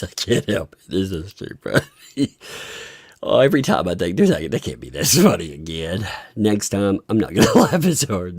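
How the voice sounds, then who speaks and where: Low, gravelly woman laughing through commentary. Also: dry recording, studio quality. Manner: breaks into fits of laughter. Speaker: livestream commentator. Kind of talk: casual live reaction commentary.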